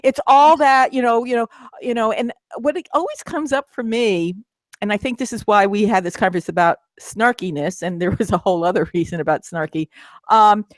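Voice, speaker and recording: A woman's voice: medium pitch, brisk, no echo. A middle-aged woman co-hosting a casual talk, chatty, with many restarts and fillers. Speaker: co-host, midlife coach. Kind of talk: casual chat.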